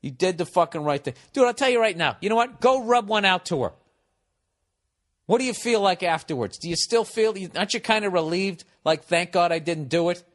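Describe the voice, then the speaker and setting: A middle-aged man talks through listener advice in a loose, rambling comic monologue, swearing freely and speaking bluntly. His voice sits a little high for a man. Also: a little fast, fairly bright tone. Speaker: podcast host giving advice. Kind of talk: casual comedic advice monologue.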